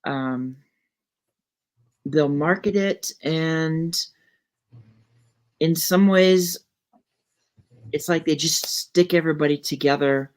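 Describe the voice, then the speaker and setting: A woman's voice: sits low, slow, pauses often, darkish tone. A woman guest in casual chat, earnest and repeating words as she thinks. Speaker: co-author guest.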